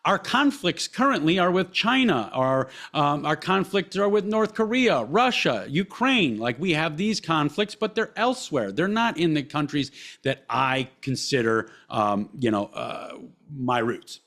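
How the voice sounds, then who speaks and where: A man's voice: fairly high pitch, very animated, a little slow, a bit bright. A man hosting a podcast, ranting solo with heated, profane emphasis and repeated phrases. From United States. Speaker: podcast host. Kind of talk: impassioned solo podcast rant.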